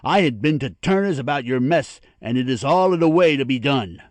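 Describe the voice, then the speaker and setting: An actor playing a loud, blustering older naval father in an audiobook dramatization, boisterous and swearing eagerly. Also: mid-range voice, expressive, a little fast, no room sound, close to an everyday voice.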